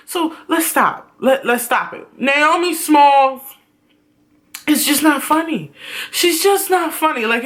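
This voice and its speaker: A man giving a blunt, profane, animated ranting review on his vlog. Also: sits high. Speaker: YouTube reviewer.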